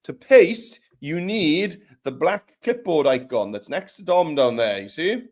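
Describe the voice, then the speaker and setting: A man's voice: on the high side, animated, a little slow. A man giving a live screen tutorial, talking through each step in a playful, jokey way.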